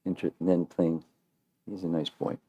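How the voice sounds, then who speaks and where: Man teaching a temple class, very low voice, dry close sound, chatty, quizzes listeners. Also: little pitch movement, measured pace, dark tone, breathy edge, no room sound, lo-fi sound. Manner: conversational, quizzes the audience, repeats and restarts. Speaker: spiritual teacher giving a class. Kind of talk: informal scripture class.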